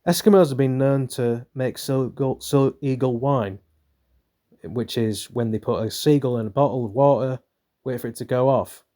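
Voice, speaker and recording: A young man from northern Britain reads a book aloud at normal speed, his medium-pitched voice warm. He hosts the channel and drifts into rambling, swear-filled, irreverent asides.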